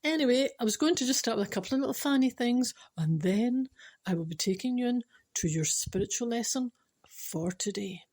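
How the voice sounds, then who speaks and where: A woman's voice: on the high side, animated, fairly quick, darkish tone. A middle-aged Scottish woman hosting her spiritual podcast, chatting playfully and mocking herself, sometimes dropping into whispered asides. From Scotland. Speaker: podcast host.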